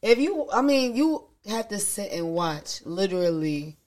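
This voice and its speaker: A woman's voice: medium pitch, measured pace. A woman co-hosting a podcast, telling a story in casual chat and acting out what others said. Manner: animated, acts out quotes. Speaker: podcast co-host.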